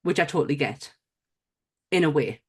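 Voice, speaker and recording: A woman's voice: low-pitched, expressive, moderate pace, slightly rough. A woman from England co-hosting a film podcast in casual chat, swearing now and then and often restarting her sentences. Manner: chatty, swears, trails off and restarts. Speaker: podcast co-host.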